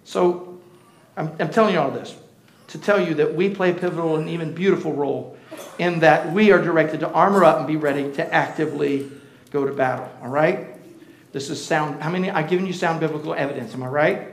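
A man preaching a sermon as pastor, swinging between hushed asides and shouted declarations. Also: on the high side, a little fast. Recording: roomy church echo.

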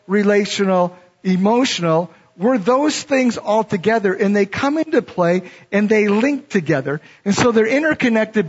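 A middle-aged man preaching a sermon, reading scripture verses and then explaining them in a teaching way. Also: high-pitched. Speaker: pastor. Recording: dull lo-fi sound.

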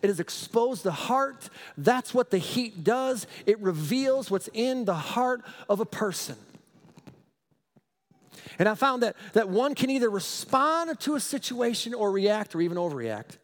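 Male pastor, high voice, animated sermon, long hall reverb. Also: unhurried. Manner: emphatic, animated, repeats for stress.

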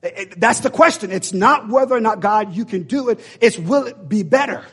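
A man's voice: high voice, animated, a little fast, a bit bright, breathy edge. A man preaching a sermon in an emphatic, repetitive, preacherly way.

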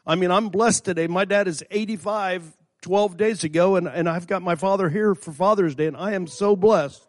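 A middle-aged preacher with a slightly high voice tells a story from the pulpit in a folksy way. He circles back and repeats himself, then climbs into fervent emphasis. His voice rings out with a long reverb through the church. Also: normal speed. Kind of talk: sermon storytelling. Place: church sanctuary.

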